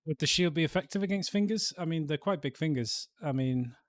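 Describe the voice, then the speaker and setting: A man's voice: a little high, animated, fairly quick, no echo. A man from the north of England, chatting casually and rambling with jokes while streaming a game. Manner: rambling, joking, chuckles often. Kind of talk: casual chat while playing a game live.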